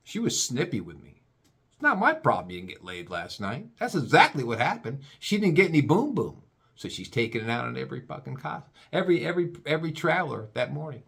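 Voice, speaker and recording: Lively, rambling, stammering man. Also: mid-range voice, a little fast, vocal fry, breathy edge. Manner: stammering restarts, crude and profane. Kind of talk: rambling comic rant.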